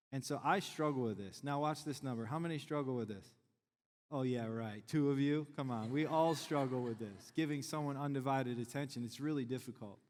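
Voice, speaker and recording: Deep-voiced pastor in a big hall. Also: male voice. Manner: conversational, joking with the congregation. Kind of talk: sermon. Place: large church sanctuary. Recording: long church hall reverb.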